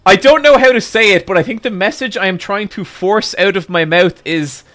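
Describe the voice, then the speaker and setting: Male streamer, casual storyteller, slightly high voice, swears freely, excitable. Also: moderate pace.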